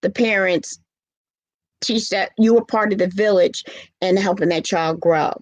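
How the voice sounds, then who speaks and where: A woman's voice: medium pitch, measured pace, dry recording. A middle-aged woman hosting a casual live-stream chat, talking earnestly and with feeling, reading viewer comments aloud. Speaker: live show host.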